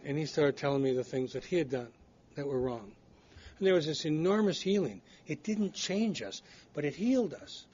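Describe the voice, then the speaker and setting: An older man speaking at a recovery meeting, telling his own stories bluntly and poking fun at himself. His voice sits a little high for a man. The recording is dull and lo-fi. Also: a little mellow. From United States. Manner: candid storytelling, blunt and self-deprecating. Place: meeting room.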